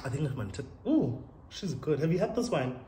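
A man's voice: on the high side, sing-song, brisk, mellow. A young South African man chatting casually and laughing often while telling a story and getting ready. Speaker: vlogger. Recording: roomy echo, faint room noise.

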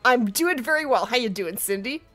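A woman's voice: on the high side, lively intonation, moderate pace, fairly bright tone, faint music behind. A woman hosting a casual gaming livestream, chatting with viewers by name while she has the hiccups. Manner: chatty, greets viewers by name, laughs often.

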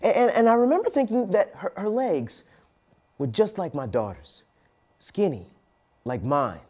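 A man performs a personal story as spoken word, his pitch swinging widely as he goes. He drops to near-whispers and climbs to loud bursts in a rhythmic, dramatic delivery, sometimes stammering over repeated words. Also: sing-song, a little slow.

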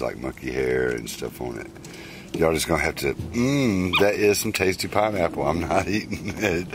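A man's voice: extremely low pitch, slight background noise. A man narrating casually, doting on and coaxing his pet monkeys. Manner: doting, coaxing, talks to the animals, chuckles often. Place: outdoors at a picnic.

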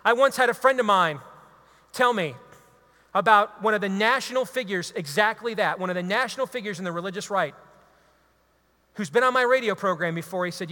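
A man, a radio talk show host, giving an impassioned, preachy talk to a live audience. He is emphatic and builds to loud exhortations. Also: high-pitched, a little fast. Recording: long hall reverb.

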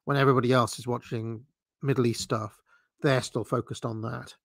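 A man's voice: medium pitch, fairly even intonation, fairly quick, vocal fry, dry recording. A man giving rambling, opinionated commentary on a livestream, full of fillers and restarts. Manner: dismissive, opinionated. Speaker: political commentator.

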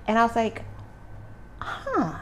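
Animated woman telling stories. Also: lowish voice, normal speed. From Oakland, California. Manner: animated, acts out quoted dialogue, laughs often. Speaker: interview guest. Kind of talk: casual storytelling interview.

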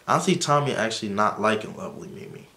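A man's voice: on the low side, lively intonation, fast, bright, forceful tone. A man casually recapping a reality TV episode for his channel, chatty and opinionated, with many fillers. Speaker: YouTuber reviewing a TV episode.

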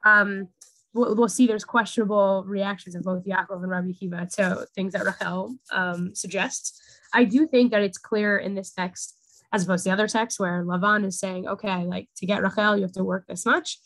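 A woman's voice: mid-range voice, fairly even intonation, moderate pace, a bit bright, no echo, poor audio. A young woman teaching a casual Torah class, talking things through with many fillers. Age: young adult.

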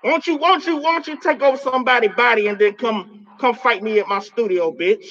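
A man's voice: extremely high pitch, brisk, sharp tone. A man on a live stream cursing and taunting at a spirit, confrontational and profane, often repeating words as he gets worked up, heard through a phone mic. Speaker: livestreamer addressing a spirit. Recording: dull lo-fi stream audio.

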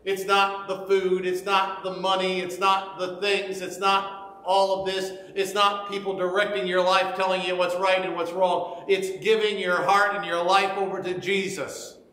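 A man's voice: high-pitched, completely flat delivery, a little slow, bright, forceful tone, roomy sound, big-room sound, rough recording. A man preaching a sermon as pastor, earnestly retelling scripture and urging his listeners.

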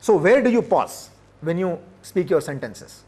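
A man's voice: sits high, very animated, measured pace, a little mellow, husky. A male professor, lecturing teachers, repeating points for emphasis and asking the audience rhetorical questions. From India.

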